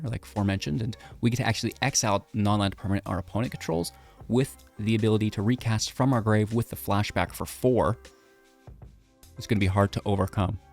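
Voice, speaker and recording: A man's voice: fairly low pitch, gravelly. A man giving upbeat, chatty commentary on a card game deck and his matches, thinking aloud as he plays. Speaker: gaming content creator.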